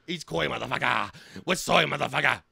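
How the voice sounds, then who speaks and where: A man's voice: medium pitch, brisk, vocal fry, pushed and bright, breathy edge, no echo. A man on a podcast, whining playfully and chanting made-up rap lyrics in a comedy bit. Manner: whiny, playful, sing-song lyric chanting.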